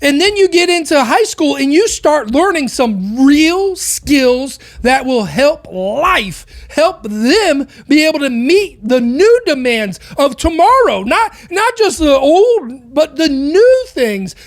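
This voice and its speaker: A woman with a notably high voice hosts a podcast, ranting through an opinionated monologue. She talks with heat and keeps firing rhetorical questions. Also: very animated, takes it slowly, hardly any pauses. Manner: impassioned, full of rhetorical questions. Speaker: podcast host.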